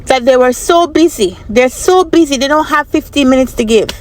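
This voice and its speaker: Woman vlogger, casual storytelling, chatty and repetitive, slightly high voice. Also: animated, normal speed, a little mellow. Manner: chatty, repeats herself, asks the viewer for opinions. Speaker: vlogger and business analyst trainer.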